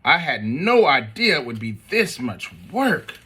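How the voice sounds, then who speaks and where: A man's voice: a little high, very animated, measured pace, pushed and bright, slightly rough, exaggerated voice. A man voicing an exasperated mother who wants to give away her son's toys. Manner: firm, weary.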